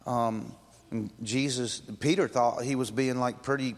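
A pastor, a man, preaches in a loose, conversational way, slipping into quoted voices. His voice sits at an ordinary middle pitch. The sound carries a long reverb from the church hall. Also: steady tone, slow pace. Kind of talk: sermon.

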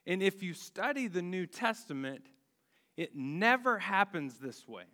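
A man preaching a sermon, deliberate and emphatic, with dramatic pauses and rhetorical questions. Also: high-pitched, sing-song, bright, forceful tone. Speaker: pastor. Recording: long hall reverb.

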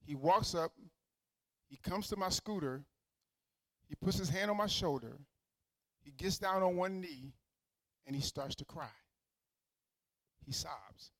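A man's voice: on the high side, measured pace, long pauses, fairly bright tone, no echo, low-quality recording. A man preaching a sermon as pastor, telling a personal story in a conversational way and building to emphatic preaching.

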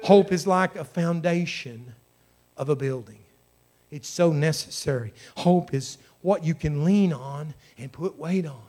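A man preaching a sermon with passion, dropping to a hush and then building to loud, ringing calls. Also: fairly high pitch, unhurried. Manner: impassioned, swinging from hushed to shouting.

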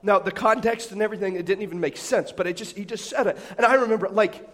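A man's voice: high-pitched, fast, a bit bright. A middle-aged man, a pastor, preaching with humorous personal stories and self-deprecating jokes, often restarting his phrases. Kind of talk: storytelling sermon.

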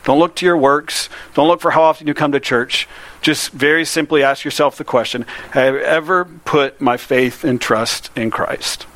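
A man's voice: on the high side, moderate pace, a bit bright. A man preaching a sermon to a congregation in plain, earnest words, posing direct questions to his listeners. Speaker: pastor. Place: room before a congregation.

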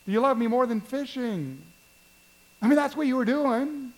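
A man's voice: very high voice, normal speed, pitched above the performer's own voice, poor audio. A man voicing Jesus, asking searching, pressing questions in a retold scene. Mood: probing. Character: Jesus, gentle but probing male teacher.

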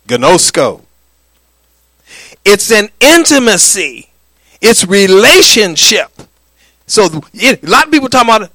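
A middle-aged man preaching a sermon, swinging from loud declarations to hushed lines and calling for the congregation's answer. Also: sits high, creaky, dry recording. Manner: calls for congregation response. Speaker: pastor.

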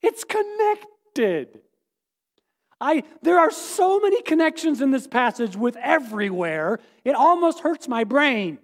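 Sex: man. Role: pastor. Style: sermon. Pitch: very high for a man. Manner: animated, playful, questioning the congregation. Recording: echoey hall reverb. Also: normal speed, few pauses. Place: church sanctuary.

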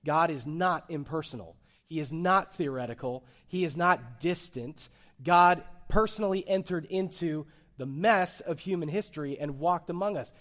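A man's voice: on the high side, moderate pace. Man preaching in a conversational sermon. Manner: conversational preaching, swings between soft and emphatic. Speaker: pastor.

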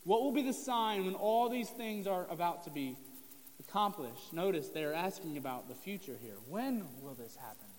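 High-voiced guy giving a laid-back sermon, cracks jokes at the congregation, big hall echo. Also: normal speed. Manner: conversational, joking asides to the congregation. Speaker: pastor. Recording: long reverb of a hall.

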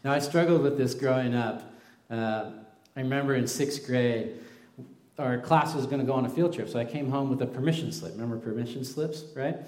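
A man's voice: mid-range voice, a little fast. Conversational preacher man, roomy hall. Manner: conversational, animated storytelling with quoted voices. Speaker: pastor. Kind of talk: sermon.

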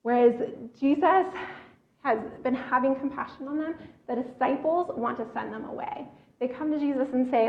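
Woman preacher, high and gravelly voice, earnest teaching sermon; echoey, slightly dull recording. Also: moderate pace. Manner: earnest teaching, repeats words as she thinks.

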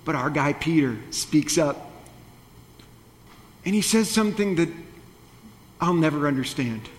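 A man's voice: on the high side, animated, unhurried, in a large hall. A male pastor delivering a sermon in a conversational, playful way, with wry asides.

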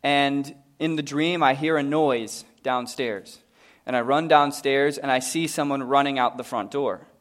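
At a live church service, an adult pastor who is father to a young daughter preaches a sermon, telling stories that swell to loud, emphatic peaks and fall to hushed passages before he leads a prayer. His voice is medium-pitched and steady, and he speaks a little slowly.

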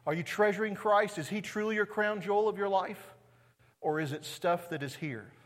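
A middle-aged pastor delivers his sermon in a casual, conversational way, often turning to the congregation with questions. His voice sits a little high for a man. The sanctuary leaves a long reverb trailing behind every phrase. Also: steady tone, normal speed. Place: church sanctuary.

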